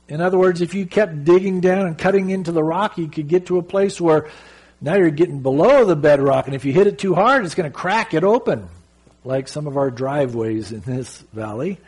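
A middle-aged man from Southern California preaching a sermon, reading scripture slowly and telling stories earnestly. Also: sits high, breathy edge. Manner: earnest, animated storytelling with slow scripture reading. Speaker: pastor.

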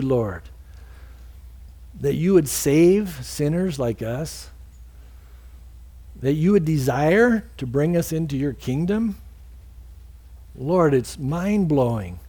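Leading a closing prayer after his sermon, a mellow-voiced pastor speaks earnestly in church, shifting into a higher voice to act out the people he quotes.

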